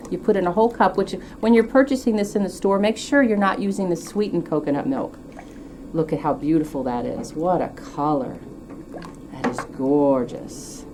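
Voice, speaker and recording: A woman's voice: low voice, a little mellow, a little hiss or hum. A woman hosting a cooking show, demonstrating a dish in a chatty, enthusiastic way with light teasing.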